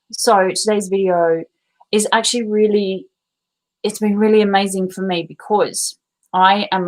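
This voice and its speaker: Woman doing a live vlog, kinda low voice, clears her throat a lot, swears, super open and confessional. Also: low-quality recording. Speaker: vlogger. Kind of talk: casual live-stream monologue.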